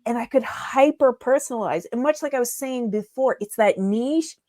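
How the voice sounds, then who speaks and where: This interview guest, a digital marketing strategist, has a fairly high but darkish voice at normal speed, recorded in studio quality with no echo. Her conversational answers explain her methods enthusiastically, one step at a time.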